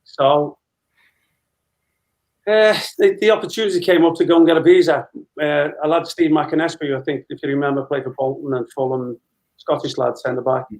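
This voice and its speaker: A man in his fifties, a former footballer, telling lively anecdotes with frequent laughter as an interview guest. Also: on the high side, moderate pace, low-quality recording. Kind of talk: casual storytelling interview.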